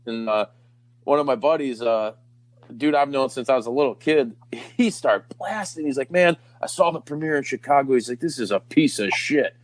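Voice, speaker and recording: A man's voice: medium pitch, no room sound. Guy hosting a podcast, cussing nonstop, rambly and laughy. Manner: rambling, swears a lot, laughs often. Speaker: podcast host. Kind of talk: casual profane chat.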